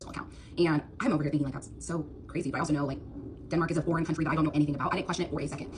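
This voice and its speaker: A woman's voice: sits low, steady tone, racing, a little mellow, a little hiss or hum. A young woman retelling a personal dating story, rambling and quoting the other person's words, with lots of fillers. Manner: rambling, filler-heavy retelling with quoted dialogue. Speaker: TikTok storyteller. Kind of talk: storytime monologue.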